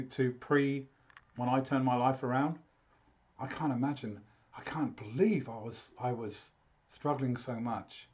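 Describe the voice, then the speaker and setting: Rambling man coaching, dull lo-fi sound. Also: mid-range voice. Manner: rambling, many restarts and repeated words. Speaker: health coach. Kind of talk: live consultation talk.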